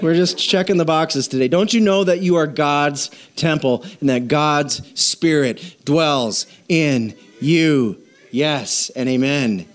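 A man preaching a sermon in church, his voice sitting a little high for a man. He jumps between soft, offhand asides and loud, emphatic lines. He teases the congregation and gets them to say lines back to him. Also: a little slow, few pauses. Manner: jokes with the congregation and prompts call-and-response. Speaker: pastor.

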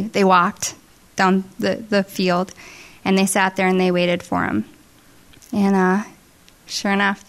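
Earnest woman telling a church testimony. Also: medium pitch. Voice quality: earnest, emotional, with restarts and soft asides. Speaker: speaker at a church service. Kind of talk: testimony storytelling to a congregation. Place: church service.

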